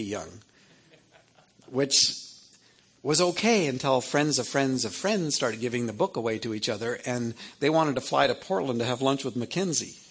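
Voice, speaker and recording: A man in his fifties tells personal stories to an audience, checking in with "right?" as he goes. His voice is gravelly with a husky edge, and it sits at a mid pitch. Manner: conversational, keeps asking 'right?'. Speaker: author speaking to an audience. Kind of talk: personal storytelling talk.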